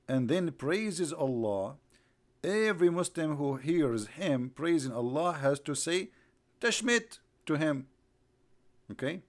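A man with a high, slightly bright voice hosts a live online broadcast. He mocks his subject with sarcastic rhetorical questions, repeats himself, and breaks into bursts of laughter.

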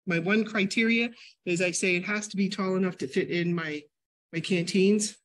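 An older woman from New England giving a casual health talk at a library, a chatty, animated storyteller. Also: medium pitch, moderate pace, slight background noise. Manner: chatty, animated storyteller with sudden loud jumps and laughs. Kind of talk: casual lecture with personal stories.

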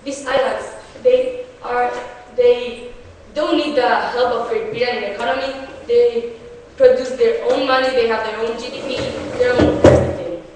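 A woman's voice: fairly high pitch, fairly even intonation, normal speed, darkish tone. Young woman debating. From Chile. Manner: earnest, explanatory, with frequent uh and restarts. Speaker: student debater. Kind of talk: competitive debate speech. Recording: echoey hall, distant mic, faint hiss.

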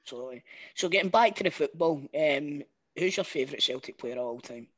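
A man's voice: on the high side, animated, fast talker, fairly bright tone. A Scottish man co-hosting a football podcast, blunt and jokey. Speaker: podcast co-host. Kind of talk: casual podcast chat.

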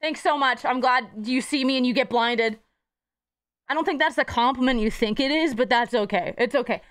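A woman's voice: high voice, a bit bright, clear, resonant tone. A young woman streaming live, chatting casually with her chat, playful and profane. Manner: playful, swearing, quick jumps between topics.

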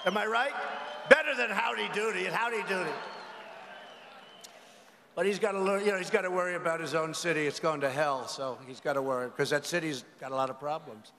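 High-voiced male rally speaker, rambling and mocking; podium mic in a big echoey hall with a long tail and faint ambience. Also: brisk, creaky, bright, forceful tone, slight background noise. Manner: rambling, mocking, conversational asides to the crowd. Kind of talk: campaign rally speech. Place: large indoor arena rally.

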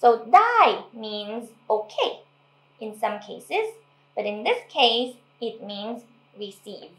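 A woman from Thailand casually teaching language, explaining patiently and repeating words slowly. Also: medium pitch, very animated, fairly bright tone, reverberant, low-quality recording.

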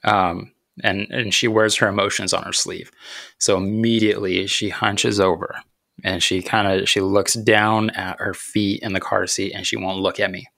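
A man's voice: sits low, level tone, vocal fry, sharp tone, no echo, clean studio sound. A man in his thirties, a podcast host telling a personal story about faith and parenting in an earnest, reflective way. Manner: earnest, reflective, unhurried, with thoughtful pauses.

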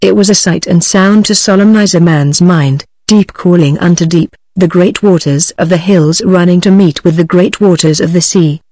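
This audiobook is read by a text-to-speech woman's voice with a British accent, delivered evenly and artificially. The pitch is fairly low, the pace moderate with few pauses, and the sound has no echo.

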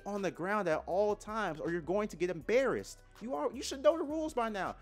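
Excitable young man commentating gameplay. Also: high-pitched, moderate pace, hardly any pauses, faint music behind. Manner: excitable, trash-talking, swings from yelps to mutters. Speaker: gaming YouTuber.

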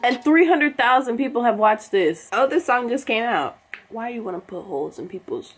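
A woman's voice: fairly high pitch, expressive, normal speed, slightly rough, faint music behind. Chatty young woman reacting to a song. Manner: baffled, chatty, drops to a whisper at times. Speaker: reaction video host. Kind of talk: casual reaction commentary.

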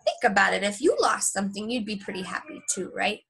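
A young woman teacher at home, recording a lesson and reading a story aloud to young kids in a chatty, lively way. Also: medium pitch, brisk, vocal fry, slightly rough, low-quality recording.

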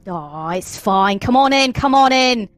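A woman voicing a gruff, friendly male Aasimar warrior in a put-on Cockney accent that drifts toward Australian, coaxing and cheery. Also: a little high, animated, measured pace, no room sound, voice pushed up.

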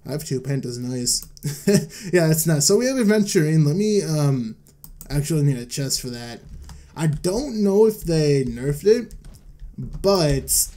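A man's voice: fairly high pitch, lively intonation, unhurried, mellow. A young man rambling through casual gameplay commentary at home, self-deprecating and trailing off, holding back coughs while his voice cracks. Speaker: gaming YouTuber. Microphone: desk mic.

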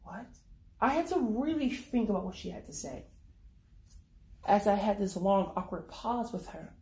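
A woman reading her own dark short story aloud in the first person, in a brooding, conversational way. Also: mid-range voice. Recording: echoey room.

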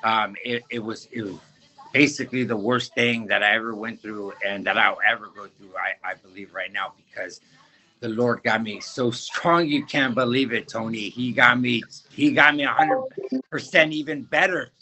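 Fervent halting man sharing testimony. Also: mid-range voice, fairly even intonation, sharp tone, low-quality recording. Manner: halting, fervent, repeats words. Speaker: guest giving testimony. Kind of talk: personal faith testimony in interview.

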